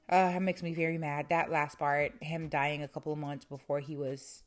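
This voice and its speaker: A woman's voice: low-pitched, little pitch movement, unhurried, a little mellow, faint music behind. A young woman hosting a true crime channel, telling a case in a casual way and breaking off often to vent her indignation. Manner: indignant, exclaiming commentary.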